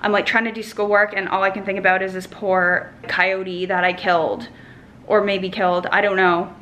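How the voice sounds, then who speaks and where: A woman's voice: medium pitch, little pitch movement, moderate pace, bright, forceful tone, slight background noise. A young woman in her twenties chatting to camera as a vlogger, telling a story casually and swearing freely. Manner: chatty, swears freely, tells stories animatedly.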